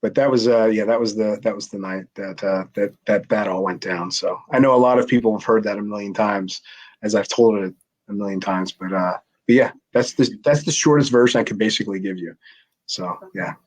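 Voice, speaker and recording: A middle-aged former wrestler telling a long backstage story in a casual interview, rambling with many restarts and acted-out quotes. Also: male voice, on the low side, fairly quick, poor audio. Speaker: former pro wrestler, guest.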